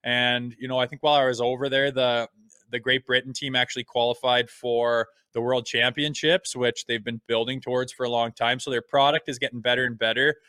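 A man in his thirties tells his stories in a relaxed, easygoing way, swearing often and laughing easily. His voice is bright and smooth. The sound is dry and close, with no room around it. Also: medium pitch, fairly quick, no room sound. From Canada. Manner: laid-back storytelling, swears freely, laughs easily. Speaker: podcast guest, former pro hockey player and firefighter. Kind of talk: casual chat.

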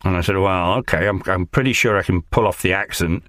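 Deep-voiced man telling a wry anecdote. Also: a little fast, dry recording, clean studio sound. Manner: relaxed, wry, chuckling. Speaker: actor and audiobook narrator, guest. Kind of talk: anecdotal storytelling.

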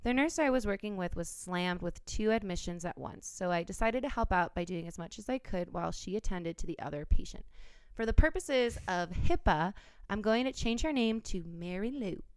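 A woman's voice: medium pitch, lively intonation, moderate pace, few pauses, clean tone, no echo. A woman hosting a casual podcast, reading a listener's story aloud and laughing often.

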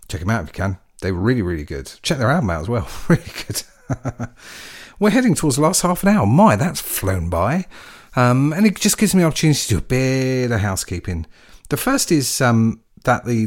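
An English man hosting a radio music show, talking in a chatty, jokey, rambling way with plenty of fillers. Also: lowish voice. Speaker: radio DJ host. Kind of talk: casual radio presenting.

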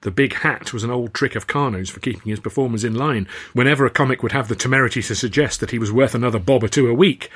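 Husky storyteller. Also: male voice, medium pitch, a bit bright. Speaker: author-narrator. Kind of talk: first-person audiobook narration.

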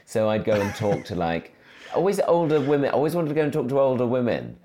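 A comedian in his thirties telling stories in a casual interview, animated and self-deprecating with frequent restarts. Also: medium pitch, quick pace, a little hiss or hum. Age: 30s. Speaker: comedian guest.

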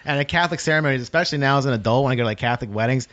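Man, casual storytelling, halting, repeats himself, muffled lo-fi sound. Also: medium pitch, fairly bright tone. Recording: dull lo-fi sound.

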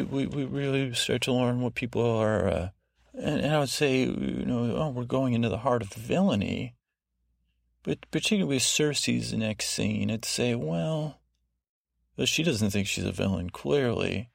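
A man with a gravelly, fry-edged voice rambles through a sleep podcast recap. He wanders off-track into self-deprecating asides and keeps restarting his sentences. The sound is dry and close. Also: medium pitch, unhurried, dry recording. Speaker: podcast host.

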